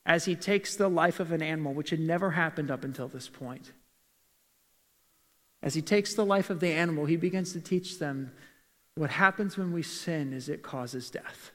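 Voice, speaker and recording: A man's voice: on the high side, moderate pace, fairly bright tone. A male pastor giving a sermon in a church, asking rhetorical questions and reading scripture aloud. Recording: long reverb of a large hall.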